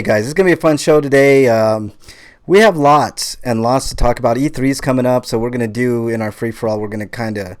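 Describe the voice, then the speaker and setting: A man hosting a live podcast in casual chat, joking and swearing, with lots of fillers. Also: lowish voice. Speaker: podcast host.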